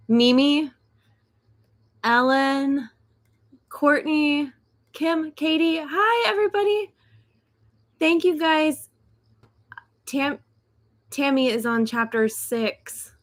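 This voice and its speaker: A young adult woman hosting a casual livestream from her home, chatty and a little nervous, laughing often. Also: fairly high pitch. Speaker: host of a decluttering channel, author. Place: home in South Korea.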